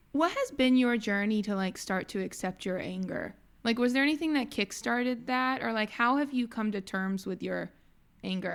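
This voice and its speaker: A woman's voice: mid-range voice, vocal fry, fairly bright tone, clear, resonant tone. A woman hosting a casual podcast interview, chatty, telling personal stories and asking follow-up questions. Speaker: podcast host.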